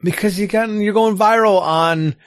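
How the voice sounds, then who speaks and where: A sarcastic man bantering on a podcast, his voice sitting a little high for a man. The sound is dry and close, with no room echo. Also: moderate pace. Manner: teasing, sarcastic. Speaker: podcast co-host.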